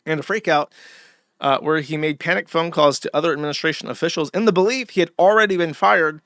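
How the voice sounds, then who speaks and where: A man's voice: fairly high pitch, fast talker, fairly bright tone, no room sound, studio quality. A man hosting a live stream, delivering sardonic and profane commentary. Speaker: streamer host.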